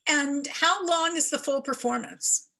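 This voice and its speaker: A woman's voice: high-pitched, unhurried, vocal fry, pushed and bright. A woman interviewing guests, hesitant and full of fillers.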